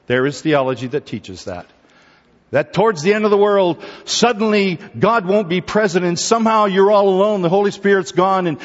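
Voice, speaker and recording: A man preaching a sermon in a church, lively and conversational, who teases and prods his congregation as he goes. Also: a little high. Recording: echoey hall, dull sound.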